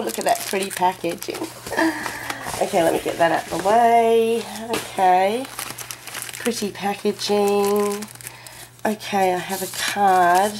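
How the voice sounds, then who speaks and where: A woman vlogging to camera as she opens a parcel, chatting casually and gushing with excitement. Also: medium pitch, unhurried, pauses often, background noise. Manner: gushing and excitable, breaks into delighted exclamations. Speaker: craft vlogger. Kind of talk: casual unboxing chat to camera. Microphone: camera mic a short way off.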